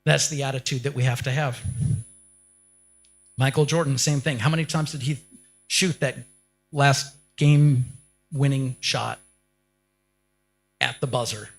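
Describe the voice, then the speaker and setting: A man's voice: mid-range voice, fairly even intonation, a little slow, vocal fry, long pauses. A man delivering a motivational keynote speech, firing rhetorical questions at the audience and building up to short, punchy lines. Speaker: keynote speaker.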